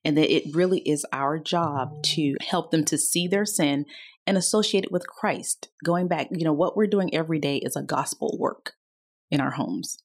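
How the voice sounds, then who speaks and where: Low, husky-voiced woman co-host. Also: normal speed. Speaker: podcast co-host. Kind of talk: casual chat.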